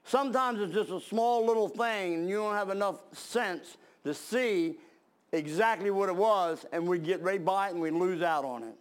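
A man's voice: high-pitched, normal speed. A man preaching a sermon, reading scripture aloud and then explaining it in plain talk with fillers and restarts.

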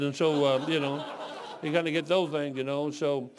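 A man's voice: on the high side, little pitch movement, normal speed, noisy background. A man in his sixties from Detroit, preaching a folksy sermon full of rambling, joking stories. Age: 60s.

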